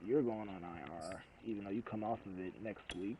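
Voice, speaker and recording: A man's voice: fairly low pitch, brisk, noisy background. Ranting man gaming at home. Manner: ranting, repeats phrases in a sing-song way. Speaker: gamer. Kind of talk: casual gameplay commentary.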